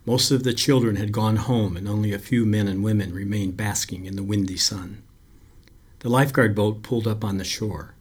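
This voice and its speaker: A man narrating a story aloud in a slow, quiet, brooding delivery. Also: on the low side, steady tone, slightly rough.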